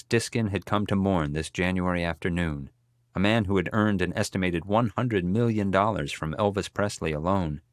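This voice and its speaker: A man narrating a biography audiobook in a measured, steady storytelling manner, recorded close in a studio. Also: low voice, no room sound. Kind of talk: scripted narration.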